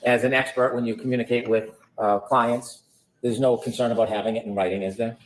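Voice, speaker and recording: A man's voice: mid-range voice, little pitch movement, a little fast, rough recording. A man cross-examining a witness in court with pointed, pressing questions. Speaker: attorney.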